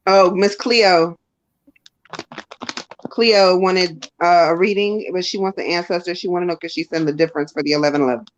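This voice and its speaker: A woman's voice: lowish voice, normal speed, slight background noise. A woman medium giving a live reading over a video call, casual and direct with the sitter. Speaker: psychic medium.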